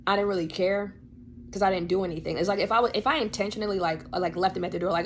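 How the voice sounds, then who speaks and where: A young woman telling a personal story on her podcast, animated and slangy, full of fillers. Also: mid-range voice, rapid-fire, slight background noise. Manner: animated, slangy, many fillers, laughs often. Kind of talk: casual storytelling.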